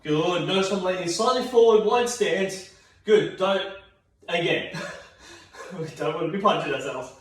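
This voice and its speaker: Speaking in a high voice, unhurried and with long pauses, an Australian man runs a seated workout, cheering people on, counting reps and getting winded. The mic sits far away in a very echoey room.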